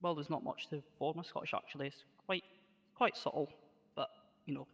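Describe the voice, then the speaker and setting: A man's voice: on the high side, steady tone, a little fast, creaky, fairly bright tone. A man playing a police officer in a game roleplay, joking in a dry, understated way. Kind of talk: in-character roleplay banter. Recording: long reverb on the voice.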